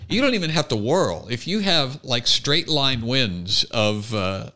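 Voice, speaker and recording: A man's voice: medium pitch, sing-song, measured pace, pushed and bright. A man co-hosting a podcast in a casual, joking chat, talking in long winding sentences. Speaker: podcast co-host.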